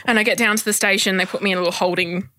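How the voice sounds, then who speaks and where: A young adult woman telling a story on a podcast, animated and laughing often, acting out the people she quotes. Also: medium pitch, very fast, no echo, clean studio sound. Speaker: guest storyteller.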